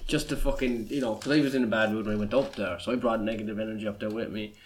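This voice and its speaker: A man's voice: lowish voice, fairly even intonation, racing. A man, a stand-up comedian telling a story in casual chat and swearing freely. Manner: swearing, storytelling, self-deprecating.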